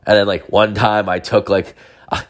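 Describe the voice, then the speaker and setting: A man's voice: fairly low pitch, flat delivery, moderate pace. A young man telling crude stories in a rambling, casual way, full of filler words and swearing. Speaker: storyteller. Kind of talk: casual storytelling.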